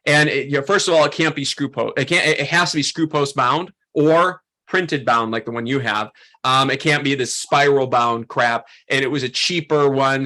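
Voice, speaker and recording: Bright-voiced chatty male photography teacher. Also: medium pitch. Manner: animated, chatty, heavy use of "like" and "um". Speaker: photography workshop instructor. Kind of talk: storytelling lesson to a class.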